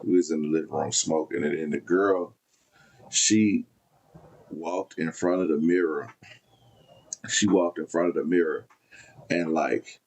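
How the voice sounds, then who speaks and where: A man's voice: rumbling low, fairly even intonation, a little slow, long pauses, a little mellow. A man, telling rambling, profane stories in casual chat as a podcast host. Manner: loose, rambling, profane storytelling. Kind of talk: casual storytelling.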